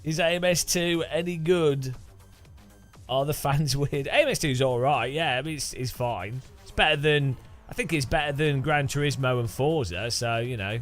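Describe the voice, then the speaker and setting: A man's voice: on the high side, moderate pace, faint music behind. A man chatting and joking with viewers while sim racing, laughing often. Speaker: streamer.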